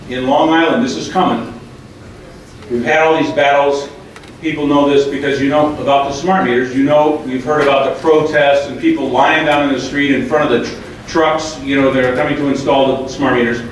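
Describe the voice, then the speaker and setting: A man's voice: mid-range voice, steady tone, normal speed. A man giving an emphatic, argumentative talk to a live audience in a meeting room. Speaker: public speaker. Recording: echoey hall, mic far off, faint noise.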